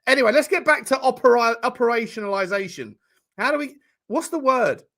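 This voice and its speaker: A man hosting a live football watchalong stream, reacting to the chat in an excitable, sweary way with bursts of laughter. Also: very high-pitched, brisk.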